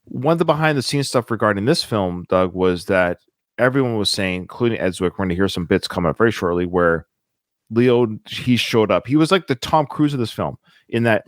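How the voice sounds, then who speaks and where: A man hosts a casual film podcast in an enthusiastic, chatty way, often rattling off strings of titles. His voice sits somewhat low, and the sound is dry and close. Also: animated, fairly quick, no room sound. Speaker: podcast host.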